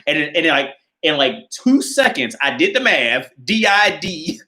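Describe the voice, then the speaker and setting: A man's voice: on the high side, sing-song, moderate pace, sharp tone. A man telling a story on a casual livestream from his small apartment, profane and laughing often, filmed on a hand-held camera. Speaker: livestream host. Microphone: phone or camera carried by hand.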